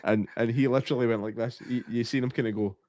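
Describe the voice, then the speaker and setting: A man hosting a podcast, jokey and quick to laugh. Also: medium pitch, fairly even intonation, darkish tone. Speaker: podcast host. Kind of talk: casual podcast chat.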